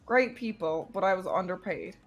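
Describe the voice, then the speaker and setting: A woman's voice: lowish voice, lively intonation, moderate pace, faint music behind. A woman who streams, chatting bluntly on a call and swearing constantly. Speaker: streamer guest. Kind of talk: casual chat.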